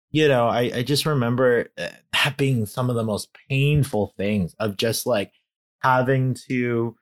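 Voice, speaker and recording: A young man in a candid conversation about faith, talking in a halting, heartfelt way with many fillers and growing emotional. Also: medium pitch. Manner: grows emotional while talking. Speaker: guest.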